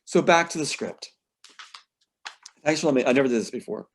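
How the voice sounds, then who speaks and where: A man's voice: medium pitch, lively intonation, fairly quick. A man in an interview, talking about his screenplay with passion, sometimes reading scenes aloud and getting emotional. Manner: passionate and emotional, voice rising sharply when indignant. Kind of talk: conversational interview, reading from a script.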